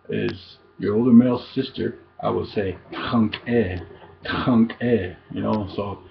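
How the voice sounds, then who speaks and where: A man giving a casual language lesson, halting and repeating each word slowly for learners. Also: mid-range voice, creaky. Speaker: language teacher. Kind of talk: informal recorded language lesson. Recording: dull lo-fi recording, faint noise.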